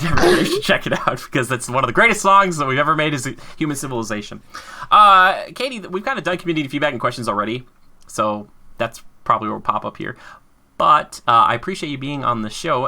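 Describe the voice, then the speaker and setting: A young man hosts a casual podcast, rambling from one thought to the next and breaking into high, laughing exclamations. His voice has a bright, forward edge at an ordinary pitch. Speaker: podcast host.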